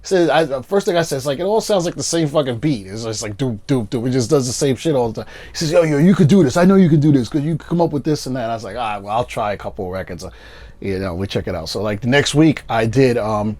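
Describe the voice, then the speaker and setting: A man, a producer guest telling animated stories and acting out his friends' lines in a casual interview. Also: mid-range voice, fast talker.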